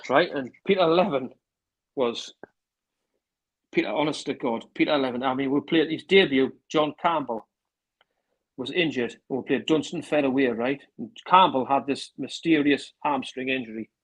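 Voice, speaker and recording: A man with a North East English accent telling rambling football anecdotes, acting out old phone calls with a steady run of "I says". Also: medium pitch, normal speed, breathy edge, low-quality recording. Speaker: interview guest, former club manager.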